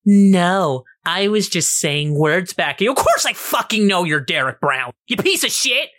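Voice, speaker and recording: A man's voice: high-pitched, very animated, measured pace, a bit bright, no room sound, studio quality, voice pushed up, full character voice. A man voicing a defiant, foul-mouthed seventeen-year-old boy in a tabletop game. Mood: sneering. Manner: sneering, rude.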